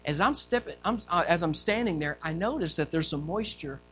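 A male pastor preaching a sermon, telling a story in an animated way and acting out quotes and sounds. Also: on the high side, a little fast, faint music behind.

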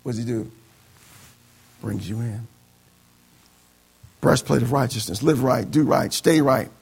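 A man's voice: medium pitch, a little slow, vocal fry, darkish tone, slightly rough. A male pastor preaching a sermon, quoting scripture and calling for amens from the congregation. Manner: call-and-response preaching, quoting scripture, mocking excuses in voices.

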